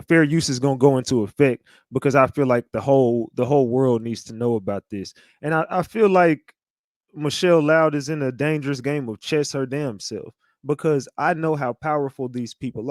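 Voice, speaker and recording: A livestream host speaks straight to his chat in a slangy, conspiratorial manner, often repeating himself and starting over. His medium-pitched voice is slightly mellow, captured as clean studio sound with no room echo.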